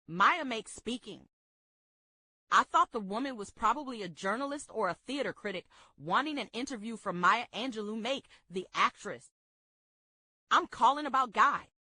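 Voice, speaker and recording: Woman, book club reader, memoir read aloud, expressive, dry close sound. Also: fairly high pitch, fairly quick, hardly any pauses, dry recording.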